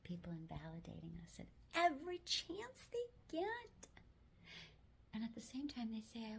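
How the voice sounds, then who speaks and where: A woman giving gentle, affirming self-help talk, mostly in a soft whisper with firmer spoken words mixed in. Her voice has a gravelly fry and sits at a middle pitch. A faint hiss runs under the recording. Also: sing-song, a little slow. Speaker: self-help video host.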